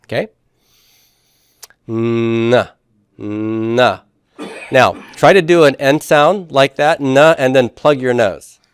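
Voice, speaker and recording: A man's voice: medium pitch, moderate pace, no room sound. A man teaching a classroom lecture, explaining step by step and checking in with the students, with the odd playful joke. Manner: explains step by step, often checks understanding with "right?" and "okay?"; playful with jokes and puns. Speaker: Greek teacher.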